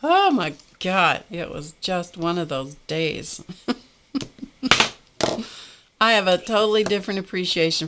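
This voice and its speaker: A chatty woman talks her viewers through her craft work on a live stream, laughing as she goes. Her voice sits a little low for a woman. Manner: chatty and animated, laughs often. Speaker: art livestream host. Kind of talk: casual live-stream chat while crafting.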